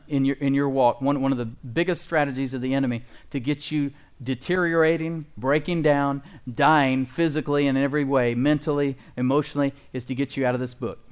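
A man's voice: medium pitch, clean tone. Emphatic preacher man calling for amens. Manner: emphatic, calls out to the congregation. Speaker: pastor. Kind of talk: sermon.

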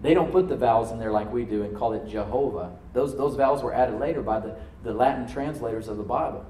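A man preaching to a congregation, reading scripture aloud and then dropping to a soft voice to stress a point, calling for responses from the room. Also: medium pitch, quick pace, reverberant, slight background noise, poor audio. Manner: asks the congregation to answer back. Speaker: pastor. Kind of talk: sermon. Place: church service with a live congregation.

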